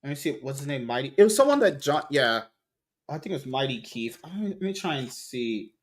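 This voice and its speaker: Animated, rambling male podcast host. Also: medium pitch, a little fast. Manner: rambling, swears a lot, frequent restarts. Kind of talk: casual podcast chat.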